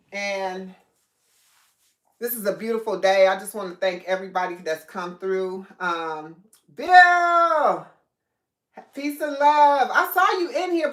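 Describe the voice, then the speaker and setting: Eating as she talks, a livestream host with a medium-pitched, slightly bright voice chats loosely, reads comments from viewers aloud and laughs frequently. No mic is used; a device in the room captures her, and the space echoes.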